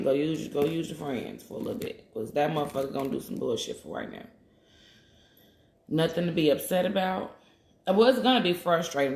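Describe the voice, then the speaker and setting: A woman's voice: sits low, creaky, darkish tone, slight background noise. A woman hosting a casual livestream while she makes healing waist beads. She talks in a blunt, profane, chatty way and reads out comments from viewers. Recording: roomy echo.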